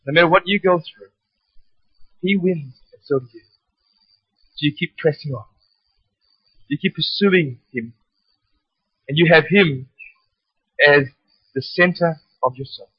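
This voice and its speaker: A high-pitched man preaching with fervor, his voice climbing to shouts and dropping back to earnest quiet. The sound is close and dry, a little dull and muffled. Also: slightly rough, no room sound. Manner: passionate, rising to shouts, with animated storytelling. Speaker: pastor. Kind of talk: sermon.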